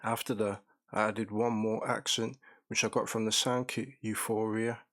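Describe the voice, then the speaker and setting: A man hosting a beat-making tutorial, walking through each production step in a calm, methodical way. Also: lowish voice, moderate pace.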